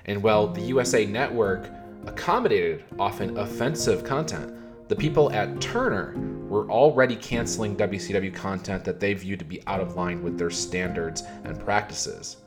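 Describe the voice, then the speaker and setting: A man's voice: on the low side, normal speed. A man narrating a history video in a wry, conversational way, adding emphatic asides. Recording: voice over loud music bed.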